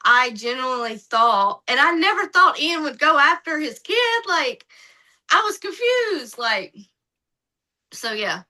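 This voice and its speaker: A woman's voice: high-pitched, unhurried, poor audio. A woman guest on a podcast telling stories casually and animatedly, acting out what other people said. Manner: lively, acts out other people's lines in her retelling. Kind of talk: casual storytelling.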